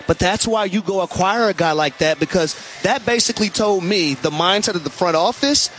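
A man's voice: high-pitched, brisk, a bit bright, a little hiss or hum. A man working as a football analyst, breaking down the game in an emphatic, conversational radio commentary style.

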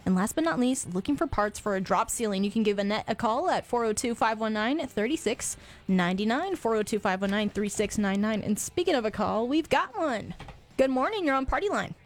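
A woman co-hosts a local radio show in a slightly higher voice, playful and quick to laugh. She banters casually and reads listings with their phone numbers. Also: animated. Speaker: radio co-host.

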